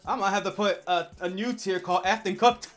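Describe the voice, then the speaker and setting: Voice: mid-range voice, steady tone, a little fast, faint music behind. A streamer chatting casually on a livestream, rambling with lots of fillers and restarts.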